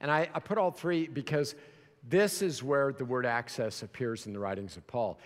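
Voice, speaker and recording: A man preaching a sermon as pastor, plain-spoken, with restarts, moving between near-shouting and quiet low passages. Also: normal speed, in a large hall.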